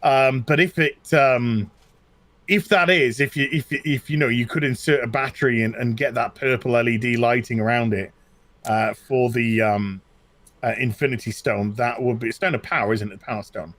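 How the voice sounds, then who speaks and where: A man co-hosting a casual chat who talks haltingly, repeating himself with lots of fillers. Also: mid-range voice, a bit bright, no room sound. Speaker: co-host. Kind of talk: casual chat reviewing collectible figures.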